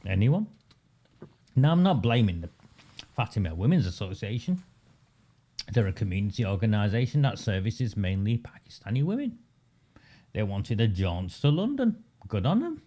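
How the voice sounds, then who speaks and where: A man's voice: fairly low pitch, big pitch swings, moderate pace, long pauses, warm tone. A man delivering a combative, sarcastic political commentary monologue, full of rhetorical questions. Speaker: local political campaigner.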